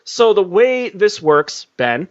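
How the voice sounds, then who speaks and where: A man's voice: high voice, sing-song, slow, muffled recording. A man hosting a comedy word game podcast, joking loosely, laughing and swearing. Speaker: host.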